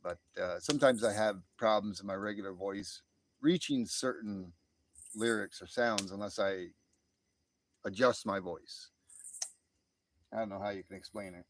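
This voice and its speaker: A man's voice: on the low side, normal speed, pauses often, slight background noise. A man hosting a casual late-night live stream, talking outdoors in a laid-back way, chuckling often and reading out chat messages.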